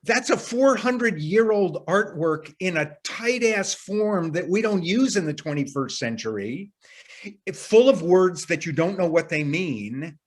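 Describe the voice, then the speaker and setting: A man's voice: high-pitched, expressive, a little slow. A man leading an arts workshop, explaining ideas earnestly in a casual teaching voice, sometimes restarting sentences as he thinks aloud. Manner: casual phrasing with occasional mild profanity. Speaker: workshop leader. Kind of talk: teaching talk to workshop participants.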